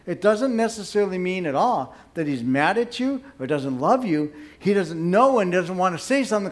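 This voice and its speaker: A man's voice: sits high, big pitch swings, moderate pace. An older man giving casual marriage advice, emphatic and joking, acting out examples as he talks. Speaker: marriage teacher.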